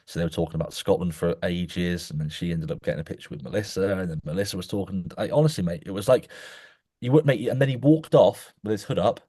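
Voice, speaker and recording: A man's voice: low-pitched, fast, husky, dry recording, studio quality. A young man co-hosting a podcast, telling a long anecdote in casual chat with lots of restarts and "mate". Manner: animated storyteller, many restarts, keeps saying "mate". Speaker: podcast co-host.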